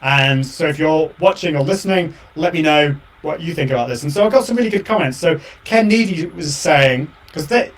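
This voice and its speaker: A fairly high-voiced man hosting a solo episode of his own show. He chats to his audience in an upbeat, enthusiastic way, circling back and repeating himself as he thinks aloud. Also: a little fast, few pauses. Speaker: podcast and live show host. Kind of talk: solo casual chat to viewers.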